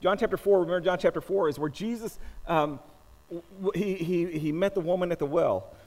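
A male preacher giving a sermon and reading scripture aloud. He stumbles over restarts, then builds to loud, emphatic passages. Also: high-pitched, brisk. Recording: long reverb of a large hall.

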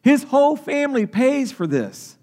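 A man's voice: very high voice, very animated, normal speed, a little mellow. A man preaching a sermon as pastor, often repeating and restarting words as he explains a passage. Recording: long hall reverb.

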